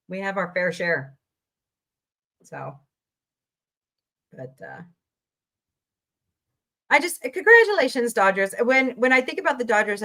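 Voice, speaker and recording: A woman's voice: medium pitch, fairly bright tone. A middle-aged woman from the Midwest, hosting a casual chat show and rambling through stories with frequent laughs. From American Midwest. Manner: chatty, rambling, laughs often. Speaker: podcast host.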